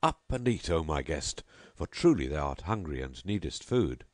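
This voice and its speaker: Man doing a nobleman host, lavish, booming, insistent, mocking, storybook voice. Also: sing-song, moderate pace, dry recording, studio quality. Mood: grandly insistent. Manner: grand, insistent, booming hospitality.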